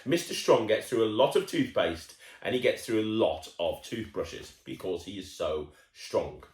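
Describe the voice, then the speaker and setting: A man's voice: lowish voice, expressive, normal speed, a little mellow, reverberant. A man reading a children's picture book aloud, playful and chatty, breaking off to talk with the child listening. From United Kingdom. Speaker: children's storyteller.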